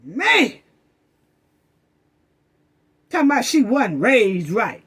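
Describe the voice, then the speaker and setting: A woman's voice: on the high side, very animated, unhurried, breathy edge. A woman delivering an impassioned commentary rant, emphatic and accusatory, hammering the same phrases over and over. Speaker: commentary vlogger.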